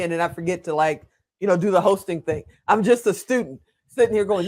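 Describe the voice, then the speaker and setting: Older guy hosting, pretty high voice, chatty and frank, gushes a lot. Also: brisk, darkish tone. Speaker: host. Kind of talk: casual interview hosting.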